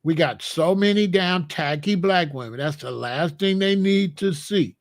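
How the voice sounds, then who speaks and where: Man, high voice, dry close sound, blunt and scolding commentator delivering an opinion monologue. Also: a little slow, no echo. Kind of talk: opinionated monologue to a live chat.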